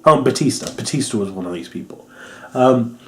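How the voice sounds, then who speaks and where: A man's voice: mid-range voice, animated, brisk, darkish tone. A young man giving a casual, rambling wrestling review, amused and swearing, with lots of ums.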